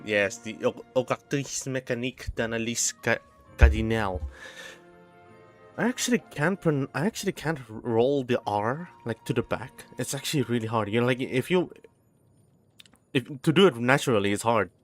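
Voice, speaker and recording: A man's voice: medium pitch, expressive, moderate pace, sharp tone, soft background music. A young man chatting casually while streaming a game, often restarting his sentences and sounding out names syllable by syllable. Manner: rambling, many restarts, sounding out words.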